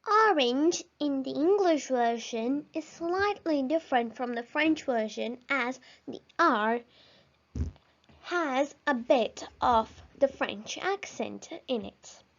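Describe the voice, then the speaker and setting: A woman's voice: sits high, lively intonation, takes it slowly. A woman teaching a language lesson, pronouncing words carefully and encouraging the listener to repeat after her. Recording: slightly dull lo-fi recording.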